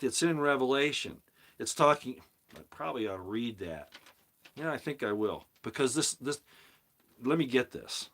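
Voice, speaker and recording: A man's voice: lowish voice, a bit bright. A man hosting a casual live stream monologue, rambling, often repeating and restarting words, and pressing his points with rising emphasis. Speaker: host of a live commentary stream. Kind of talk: casual monologue, reading viewer comments.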